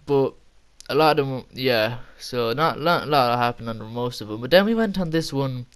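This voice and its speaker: A man's voice: medium pitch, expressive, moderate pace, clean tone. Rambling young man telling a story. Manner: rambling, laughing often, swearing. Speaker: vlogger. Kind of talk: casual storytime.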